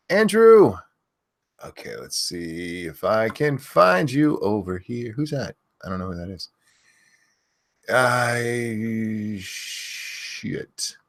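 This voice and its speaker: A man hosting a casual livestream who loudly yells out viewers' names, then drops back into loose, swearing chatter. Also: lowish voice. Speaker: livestream host.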